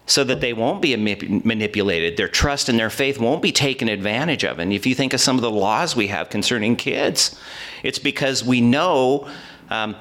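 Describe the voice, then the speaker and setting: A man's voice: medium pitch, bright, forceful tone. A man preaching a conversational sermon, reading scripture and asking the listeners questions. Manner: conversational, with fillers and asides to listeners. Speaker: pastor.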